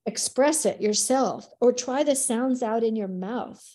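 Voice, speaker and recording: A middle-aged woman, a dance teacher guesting on a podcast, telling stories in a lively, expressive way. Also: on the high side, a little slow. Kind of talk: casual podcast conversation.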